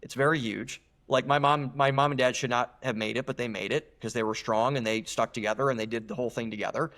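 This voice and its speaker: A young man talks as a guest on a podcast, earnest and emphatic. He often restarts his sentences as he builds a point. His voice sits at a middle pitch. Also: steady tone, quick pace, a bit bright. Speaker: guest author. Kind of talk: podcast interview.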